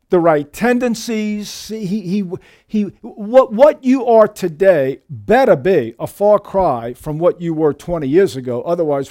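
A man preaching a sermon as pastor, emphatic and lively, often calling his listeners dear friends. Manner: emphatic preaching with lively shifts in pitch and volume.

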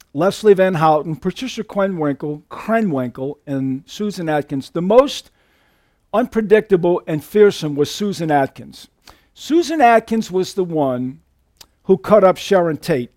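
A man preaching a sermon to a church congregation, emphatic, swinging between loud outbursts and hushed asides. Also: sits high, dry recording, studio quality. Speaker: pastor. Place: church sanctuary.

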